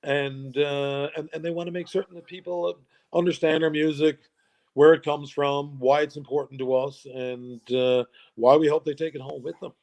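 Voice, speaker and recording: Middle-aged man, fairly high voice, chatty, jokey, laughs a lot. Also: level tone, normal speed, darkish tone. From Newfoundland, Canada. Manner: jokey storyteller, laughs often, restarts phrases. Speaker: guest. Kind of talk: casual interview chat.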